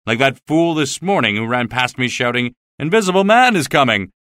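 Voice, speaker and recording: A scornful young scientist scoffs at others as fools, voiced by a man reading a storybook. His tone is dismissive and slow. The sound is bright and dry. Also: mid-range voice, dry recording, close to an everyday voice. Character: tall, thin young male scientist, scornful.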